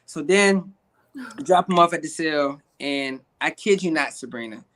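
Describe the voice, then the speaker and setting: A man, an actor and comedian guest, telling a comic story in an interview, animated and slipping into put-on voices and Spanish phrases. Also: fairly high pitch, a little slow.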